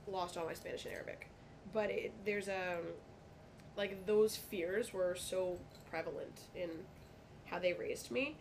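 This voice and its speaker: A woman's voice: medium pitch, slight background noise. Blunt, profane woman bartender guest. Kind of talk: casual interview chat.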